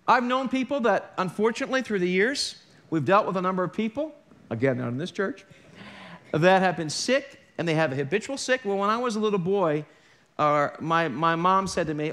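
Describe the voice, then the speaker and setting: High-voiced joking male pastor. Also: fairly bright tone. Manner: conversational and joking, with wry asides to the congregation. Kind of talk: sermon. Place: church sanctuary.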